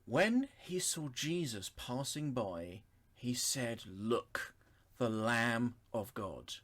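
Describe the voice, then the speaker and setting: A man teaching a Bible study, reading scripture aloud and explaining it verse by verse in a thoughtful, unhurried way with pauses and self-corrections. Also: mid-range voice, lively intonation, fairly bright tone.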